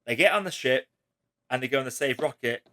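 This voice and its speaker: A man hosting a casual spoiler chat, retelling movie scenes in an emotional, animated way. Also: medium pitch, a little fast. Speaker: host.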